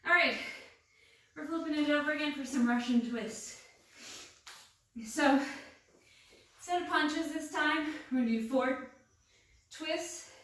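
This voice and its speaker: A young female fitness instructor with a high, slightly bright voice guides a workout, counting reps and offering encouragement while out of breath. She speaks a little slowly and pauses often, captured by a distant mic in a very echoey room.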